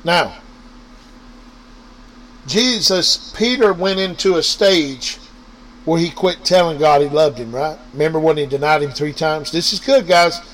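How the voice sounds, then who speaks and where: A man delivers an informal sermon over a radio or podcast mic. His voice sits a little high, and he keeps turning to his listeners, driving each point home by repeating it. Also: a little slow, pauses often, a bit bright, low-quality recording. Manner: preachy, repetitive, addresses listeners directly. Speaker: preacher. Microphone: online radio or podcast mic.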